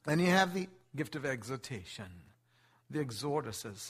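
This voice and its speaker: A man preaching a sermon to a congregation, with animated delivery, acting out the voices of the people he quotes and speaking directly to his listeners. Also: medium pitch, normal speed, husky. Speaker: pastor.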